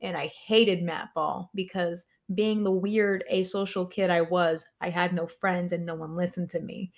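A young adult woman telling a story as a podcast guest, animated, laughing often and swearing a lot. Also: lowish voice, a little slow. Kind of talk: casual storytelling.

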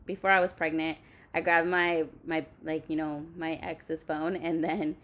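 A woman's voice: deep voice, level tone, a little slow, fairly bright tone. A young woman telling a personal story bluntly, with lots of swearing and fillers. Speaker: podcast host. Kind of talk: candid storytelling chat.

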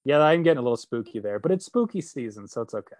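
A man's voice: mid-range voice, animated, fast, a little mellow, no room sound. Joking man on a dry mic. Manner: joking, playful banter. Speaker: podcast co-host. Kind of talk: casual chat. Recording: dry close recording.

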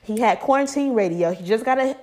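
A young woman from the United States vlogging, giving casual and profane celebrity commentary and acting out the voices she quotes. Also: a little fast. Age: young adult. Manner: animated, profane, acts out quoted voices high and loud.

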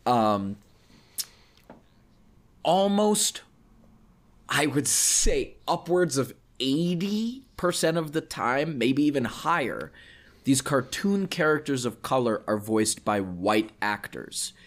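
A man's voice: mid-range voice, big pitch swings, takes it slowly. A man co-hosting a casual podcast discussion, earnest and rambling, often restarting his sentences. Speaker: podcast co-host, voice actor.

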